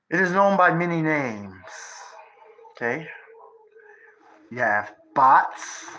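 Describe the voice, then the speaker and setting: Thirties male streamer, unhurried drawl, rambling profane rants with rhetorical jabs at the audience. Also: a little high, pushed and bright, highs cut off. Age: 30s. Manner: profane, lecturing, conspiratorial, asks rhetorical questions. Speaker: livestreamer. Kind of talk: rambling livestream monologue.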